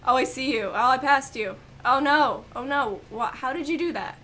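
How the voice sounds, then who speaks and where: Female co-player, bright and slightly high voice, giggly, flustered, exclaims a lot. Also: normal speed, a little hiss or hum. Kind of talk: casual gameplay commentary.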